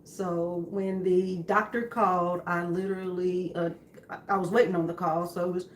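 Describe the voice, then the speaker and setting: A young woman telling her story to her husband in a calm, matter-of-fact way, with many fillers. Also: on the low side, moderate pace, roomy sound, slight background noise. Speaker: co-host, wife. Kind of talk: candid conversation with her husband.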